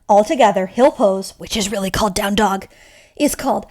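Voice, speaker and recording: A woman from Michigan teaching yoga to young children, playful and animated as she talks to small kids. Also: medium pitch, brisk.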